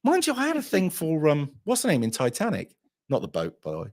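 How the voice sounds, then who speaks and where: A man's voice: on the high side, wildly swooping pitch, fast, a little mellow. A hungover man, hosting a livestream and chatting crudely, swearing and rambling. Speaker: livestream host. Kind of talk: crude casual chat.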